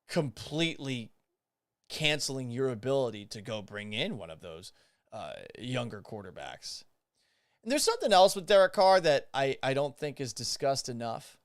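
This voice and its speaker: A man hosting a live sports talk show, delivering an animated, sarcastic monologue and swearing for emphasis. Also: mid-range voice, smooth, dry recording, clean studio sound. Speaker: podcast host.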